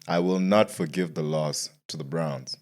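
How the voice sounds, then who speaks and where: A man's voice: extremely low pitch, normal speed. A man hosting a casual sports podcast, ranting and repeating himself with slangy asides.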